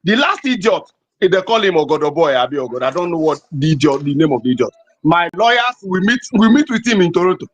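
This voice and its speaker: A man speaks in a husky, fairly high voice with lively swings in pitch. He talks fast and emphatically, issuing warnings. The sound is close and dry. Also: no echo. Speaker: livestream co-speaker. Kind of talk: heated livestream talk.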